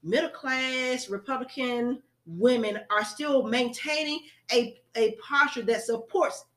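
A woman's voice: a little high, slow, a bit bright. A woman co-hosting a heated casual discussion who keeps cutting in to take the floor and press her argument. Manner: insistent, cuts in to take the floor. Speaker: podcast co-host.

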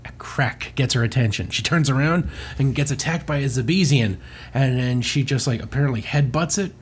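A man's voice: mid-range voice, brisk, husky. A man co-hosting a podcast, casually retelling a comic with crude jokes and frequent swearing. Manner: animated storytelling, swears often, laughs. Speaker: podcast co-host.

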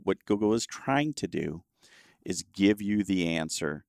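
Man, very low voice, dry close sound, emphatic, confident, casual talk. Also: gravelly, a little mellow, dry recording. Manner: emphatic, confident answers with many quick yeps. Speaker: guest expert on web marketing. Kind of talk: casual conversation.

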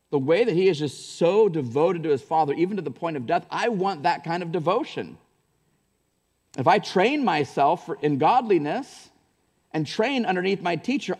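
A man's voice: on the high side, expressive, moderate pace, darkish tone, long reverb tail. A male pastor giving a sermon in a church, talking conversationally with frequent asides and building to fervent emphasis. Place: church sanctuary.

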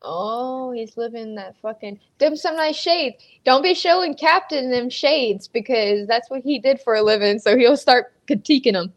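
Female podcast host, slightly high voice, joking and casual with loose swearing. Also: lively intonation, normal speed, hardly any pauses. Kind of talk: casual chat.

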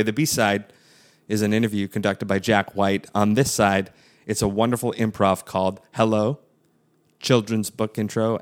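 A man introducing a podcast segment with enthusiasm and wry asides. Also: on the low side.

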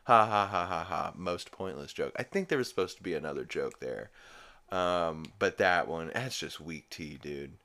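A man's voice: extremely low pitch, lively intonation, normal speed, a bit bright. A man hosting a podcast, giving a rambling, profane, amused recap of a cartoon episode. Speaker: podcast host.

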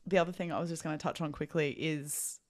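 A woman's voice: deep voice, fairly even intonation, fast talker. A young woman co-hosting a podcast, speaking frankly with swearing and self-mockery. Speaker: podcast co-host. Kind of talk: casual chat.

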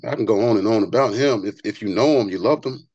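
An earnest man talks as a podcast guest, animated and heartfelt, repeating himself when he gets going. His voice sits a little low. The sound is dry and close. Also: fast, slightly rough, no room sound, dull audio. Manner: repeats words when excited. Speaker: barber and author, podcast guest. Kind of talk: conversational interview storytelling.

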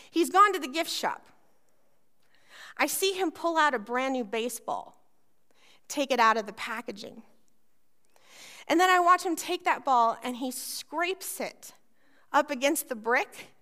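A woman pastor preaching a sermon, telling a personal story and acting out the voices in it. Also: high-pitched. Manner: animated storytelling, acts out voices.

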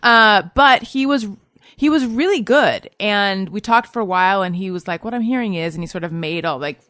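A woman's voice: medium pitch, moderate pace, bright, forceful tone, no room sound, clean studio sound. A woman in her thirties, a podcast host, chatting casually in a rambling, self-deprecating way, often restarting and rephrasing while telling a story about her own anxiety. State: anxious. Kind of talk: casual chat.

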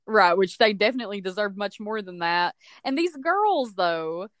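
A woman co-hosting a casual movie review podcast, opinionated and animated, often acting out quotes. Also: medium pitch, normal speed, no room sound, studio quality. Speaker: podcast co-host.

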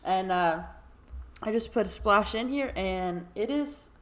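A woman's voice: medium pitch, animated, a little slow, fairly bright tone. A woman co-hosting a casual podcast, chatting and laughing as she acts out characters' lines. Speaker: podcast co-host. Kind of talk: casual chat recapping a cartoon episode. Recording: roomy echo.

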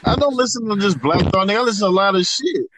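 A man's voice: high-pitched, animated, rapid-fire, background noise. A man on a casual album review chat, blunt and profane about songs he finds annoying. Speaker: podcast panelist.

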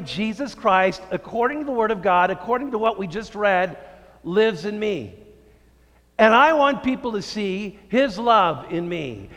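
A male pastor delivering a sermon, preaching slowly and emphatically with drawn-out phrases. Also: high voice, fairly bright tone, in a large hall. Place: church sanctuary.

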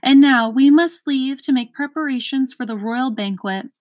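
A woman's voice: high-pitched, moderate pace, dry recording, clean studio sound, voice pushed up, close to an everyday voice. A woman voicing a fussy, proper male count who explains things with emphasis. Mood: emphatic.

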